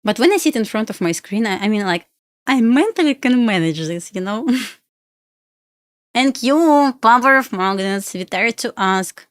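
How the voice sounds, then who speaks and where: Her voice is fairly high and animated, at a moderate pace, heard in clean studio sound without room sound. She's a young woman with a Russian accent, casually chatting on a live trading stream, frequently laughing and pleading with the chart.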